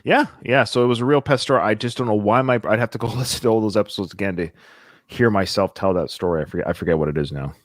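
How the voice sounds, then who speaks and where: A man's voice: lowish voice, fast talker, no echo, clean studio sound. A man hosting a casual film podcast, talking things through as he goes and often restarting his sentences. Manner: chatty, thinks aloud with restarts. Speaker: podcast host.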